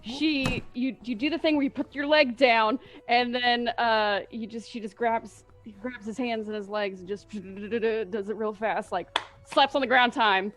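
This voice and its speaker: A woman's voice: a little high, moderate pace. A woman playing a tabletop game, describing her character's moves in a chatty, hesitant way with laughs. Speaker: player.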